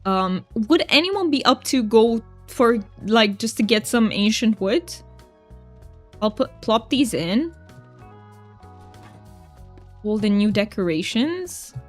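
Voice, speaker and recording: A woman's voice: on the high side, very animated, unhurried, soft background music. A woman streaming a cozy game, chatting casually with her viewers and reading their messages aloud. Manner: chatty, giggly, reads chat aloud. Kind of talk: casual gameplay chat with chat.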